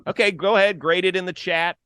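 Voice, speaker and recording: A man's voice: sits high, steady tone, fairly quick, bright, forceful tone, clean tone, dry recording, studio quality. A man hosting a baseball talk show, playful and stat-heavy in casual chat.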